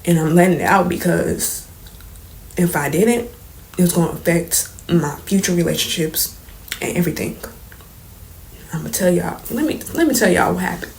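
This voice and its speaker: Shaky young woman, soft and gravelly. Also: fairly low pitch, normal speed, long pauses, a little hiss or hum, rough recording. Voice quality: soft, trembling at times, drops to near whispers. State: holding back tears, shaky. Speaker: vlogger. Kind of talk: emotional storytime confession. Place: indoors, late at night.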